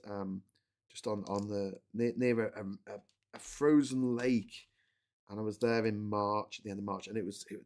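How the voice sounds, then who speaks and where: A man, chatting casually and joking as he assembles a model, often correcting himself. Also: medium pitch. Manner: chatty, rambling, self-correcting, jokey. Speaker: host building a model while talking. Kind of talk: casual live chat.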